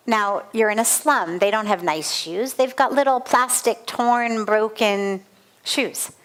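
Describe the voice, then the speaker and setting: A middle-aged woman speaks as a spiritual teacher at a satsang, her voice pitched a little high for a woman. She tells a story earnestly and vividly, leaning on repeated phrases for emphasis. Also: slow pace, a bit bright. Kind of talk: satsang talk with a personal story.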